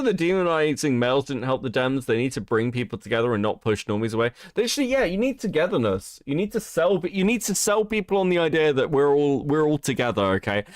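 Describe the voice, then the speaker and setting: A man giving casual, profane live-stream commentary on chat, animated and laughing often. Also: fairly high pitch, no echo, clean studio sound.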